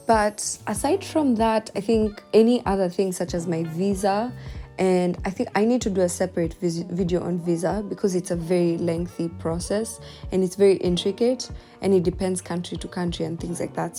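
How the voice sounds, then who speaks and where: A woman's voice: lowish voice, mellow. A young woman from Kenya and Sudan chatting casually to viewers and reading out comments. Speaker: vlogger and podcast host.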